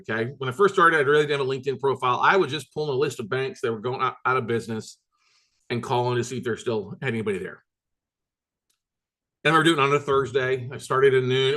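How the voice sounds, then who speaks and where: A man's voice: medium pitch, a bit bright. Blunt guy running a workshop, repeats himself a lot to hammer points, swears a bit. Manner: emphatic, repetitive, blunt with mild swearing. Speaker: workshop host and note-buying coach. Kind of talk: recorded workshop lecture.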